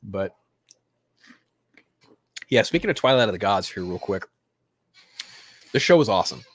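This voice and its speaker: A man hosting a pop-culture podcast, ranting casually with constant swearing and sudden loud mock-crying outbursts. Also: on the low side, expressive, unhurried. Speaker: podcast host.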